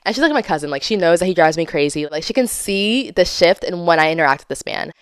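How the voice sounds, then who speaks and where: A young woman hosts her own podcast and tells a story about a run-in with her ex, with lots of drama. She acts out each quoted line in playful, exaggerated voices. Her voice is smooth and clear, recorded close and dry. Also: lowish voice, lively intonation, quick pace, dry recording. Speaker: podcast host. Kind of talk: casual storytelling monologue.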